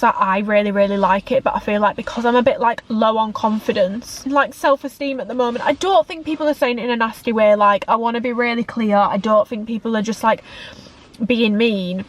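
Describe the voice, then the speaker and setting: A woman's voice: on the high side, fairly quick. A young woman, talking candidly in a chatty vlog about her work as a fitness coach and creator, rambling with lots of "like". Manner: candid, rambling, heavy use of "like".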